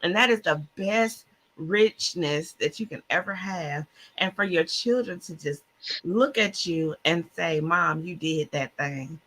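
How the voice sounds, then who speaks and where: A woman's voice: fairly low pitch, measured pace, fairly bright tone. A woman guest co-author on a faith-filled podcast, talking with passion, sometimes stumbling over words and admitting she stutters. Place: Clubhouse-style online audio room.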